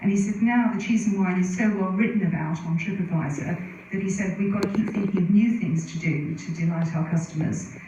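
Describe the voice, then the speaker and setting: Recorded from a distance in a very echoey conference hall, a middle-aged woman gives a presentation full of anecdotes, chatty and full of asides. Her mid-range voice is mellow and a little fast, with a little hiss or hum.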